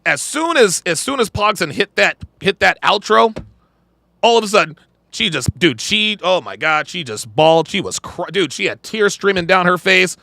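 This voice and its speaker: A man's voice: high-pitched, sing-song, normal speed, vocal fry, bright, forceful tone, no echo. A man hosting a podcast livestream, ranting bluntly and crudely while reacting to clips and chat. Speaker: podcast host. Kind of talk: livestream commentary.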